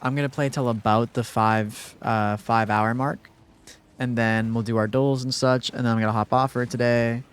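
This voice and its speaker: A man's voice: medium pitch, steady tone, moderate pace, smooth. A young man streaming live, chatting casually and rambling with lots of fillers while thanking viewers.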